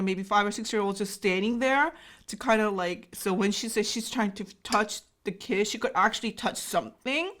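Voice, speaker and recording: A woman in her thirties, a native Korean speaker, hosts a YouTube reaction with emotional, gushing commentary packed with fillers. Her voice is medium in pitch and a bit bright.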